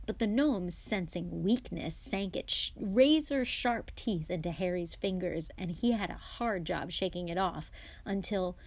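A woman, a guest reader, reading a chapter book aloud with steady, clear storytelling. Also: mid-range voice, dry recording.

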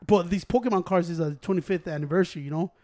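A man with a high-pitched voice spins a rowdy, profane story among friends. He keeps dropping into Spanish and acts out every person he quotes. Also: fast. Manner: profane, animated storytelling, switching into Spanish and acting out quoted people. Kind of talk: casual chat.

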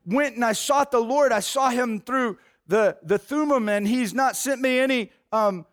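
A man's voice: extremely high pitch, measured pace. A preacher acting out a desperate, pleading king. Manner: urgent, pleading.

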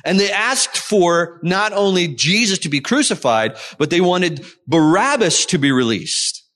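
A man's voice: high voice, big pitch swings, measured pace, hardly any pauses, a bit bright. Man preaching through a gospel passage. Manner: explanatory, reads scripture aloud. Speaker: pastor. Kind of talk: sermon.

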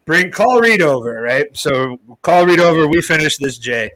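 A man telling a story in casual chat, animated and heavy on swearing, like a podcast co-host. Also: fairly high pitch, moderate pace, no echo, poor audio.

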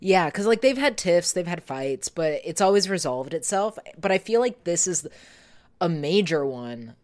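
A woman with a low voice, chatting loosely on a podcast mic. She recaps a TV show in a rambling, deadpan way, often trailing off mid-thought. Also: moderate pace. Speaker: podcast co-host. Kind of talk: casual chat recapping a TV show.

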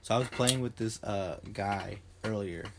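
A man's voice: lowish voice, moderate pace, creaky, background noise. A young man hosting a podcast in casual chat, rambling and joking, swearing often and trailing off into fillers. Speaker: podcast host.

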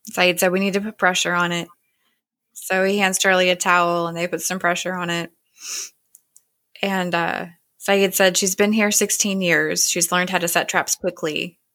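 A woman's voice: lowish voice, vocal fry, sharp tone. A woman casually retelling a TV episode scene by scene, quoting the characters with "he's like" and "she's like". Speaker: show recapper.

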